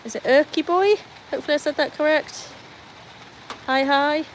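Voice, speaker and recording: Under a tin veranda roof in the rain, a British woman with a fairly high voice hosts a relaxed livestream, speaking at a moderate pace. She chats easily, reads her viewers' comments and calls to her dogs. Faint background noise sits under her voice on a low-quality recording.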